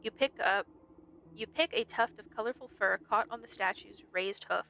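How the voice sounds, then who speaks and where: A woman co-hosting a gaming video, reading out the game's narration in a steady storybook manner. Her voice is bright and forceful, with faint music behind her. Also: mid-range voice, normal speed, vocal fry. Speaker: co-host of a gaming channel. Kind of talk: reading game text aloud.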